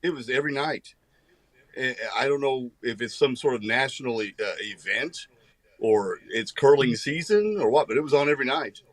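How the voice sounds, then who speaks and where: A man co-hosting a casual podcast, relaxed and conversational. His voice sits at a middle pitch, and the recording is dry and close. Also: moderate pace, dry recording. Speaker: podcast co-host. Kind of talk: casual chat.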